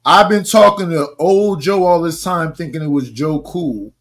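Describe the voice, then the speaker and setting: A man's voice: fairly high pitch, normal speed. A man hosting a casual live-stream panel, joking and talking in loose restarts.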